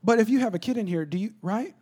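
A man preaching a conversational sermon, acting out little dialogues and swinging between loud bursts and hushed asides. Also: high-pitched, fast, slightly rough. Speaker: pastor.

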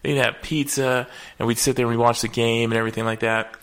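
A man's voice: medium pitch, little pitch movement, fast talker, fairly bright tone, smooth. A man around forty hosting a casual chat, telling stories in a laid-back way, swearing and trailing off with fillers. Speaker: comedian, host.

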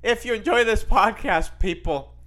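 A man's voice: high voice, moderate pace, pushed and bright. A young man hosting a podcast, telling a rambling, self-mocking story in a casual monologue full of fillers and restarts. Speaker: podcast host.

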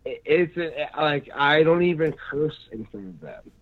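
A man, a pro wrestler, chatting casually on a podcast in a rambling, halting way full of fillers. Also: a little high, lively intonation. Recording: dry, phone-like lo-fi sound.

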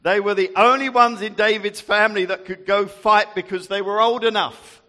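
A jovial man with a high, bright voice tells a story to a group and jokes with volunteers. He speaks at an unhurried pace, and his voice rings through a large, echoey hall. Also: fairly even intonation. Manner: jovial, chatty, laughs often. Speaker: storyteller leading a group activity. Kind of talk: interactive Bible storytelling to a group.

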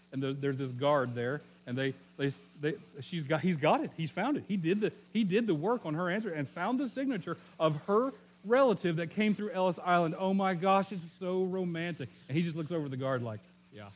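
A middle-aged man from Oklahoma preaching a sermon in a relaxed, conversational storytelling way, joking and correcting himself as he goes. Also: a little high, fairly quick, a little hiss or hum. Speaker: pastor.

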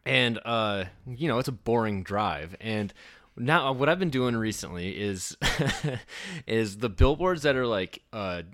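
An Iowa man hosts a casual comedy podcast, telling a story with lots of laughter and swearing. His mid-range voice is fairly bright with lively intonation and a slightly slow pace, recorded clean in a studio with no room sound.

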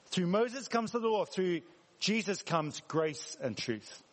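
A man's voice: high-pitched, lively intonation, normal speed. A man preaching a sermon in a church, talking conversationally and putting questions to the congregation. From England. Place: church hall. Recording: reverberant church hall.

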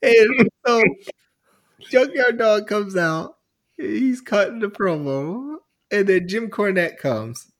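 A man's voice: high voice, lively intonation, slow pace. A man co-hosting a podcast, retelling events in a rambling, giggly way. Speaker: podcast co-host. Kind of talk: casual wrestling chat.

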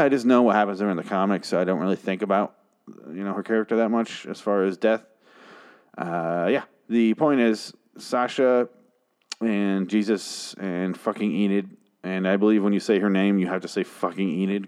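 A man's voice: lowish voice, darkish tone. A man giving a casual, sarcastic and profane recap of a TV episode, rambling with frequent restarts. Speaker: show host recapping a TV episode.

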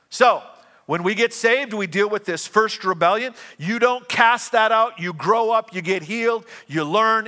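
A man preaching a sermon as pastor, earnest and given to quick restarts. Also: high-pitched, bright, forceful tone, in a large hall.

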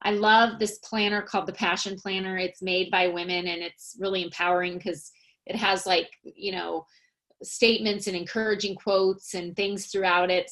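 A woman's voice: lowish voice, fairly bright tone. A woman in her forties who chats enthusiastically and laughs easily while sharing tips. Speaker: interviewer, host. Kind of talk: casual conversational chat.

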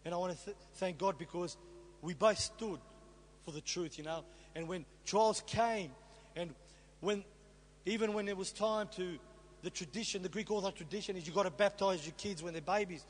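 A man's voice: sits high, moderate pace. A middle-aged man sharing his testimony as a sermon to a congregation, telling his story with rhetorical questions. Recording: reverberant hall with faint hum.

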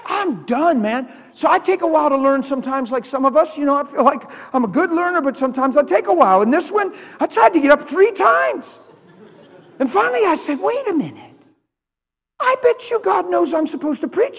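A man with a very high voice preaches a sermon, moving between hushed, quiet moments and loud, emphatic bursts. A long reverb trails after his words, as in a large hall. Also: very animated, normal speed, gravelly. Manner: storytelling, swings from hushed to loud.

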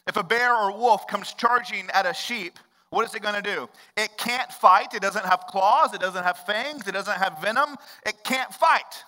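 A young adult man preaching a sermon as pastor, conversational, jumping from loud bursts to hushed low lines. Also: moderate pace, hardly any pauses, in a large hall, poor audio.

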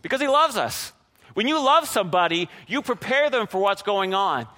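A man preaching a sermon to a congregation, animated and often checking in with "right?". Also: sits high, normal speed, long reverb tail. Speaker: pastor.

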